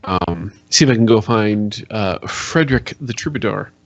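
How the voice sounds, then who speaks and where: A man describes his character's actions in a tabletop game, hesitant and full of ums. His pitch moves lively, and the sound is dry and slightly dull. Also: moderate pace, no echo. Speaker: player. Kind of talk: casual tabletop play.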